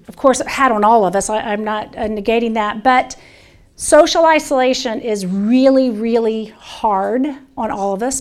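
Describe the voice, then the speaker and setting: A woman's voice: high voice, a little mellow. A woman with a Southern US accent presenting on dementia care to an audience, earnest and conversational with frequent restarts.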